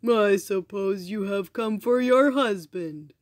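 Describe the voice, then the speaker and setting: A woman voicing a boastful male giant in a storybook reading, speaking slowly and mockingly. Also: dry recording, clean studio sound, lightly acted. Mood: gloating. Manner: slow, booming, mocking.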